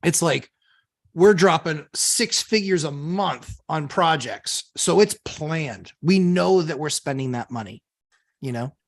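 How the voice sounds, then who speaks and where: Male co-host, slightly high voice, loose anecdotal talker. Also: lively intonation, slow, gravelly. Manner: chatty anecdote-teller, many fillers and restarts. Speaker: podcast co-host. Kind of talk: casual storytelling chat.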